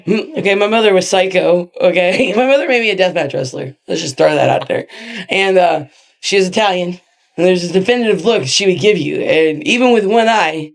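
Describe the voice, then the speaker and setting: A middle-aged woman, a wrestler as a guest, telling stories in casual, profane chat and laughing often. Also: on the low side.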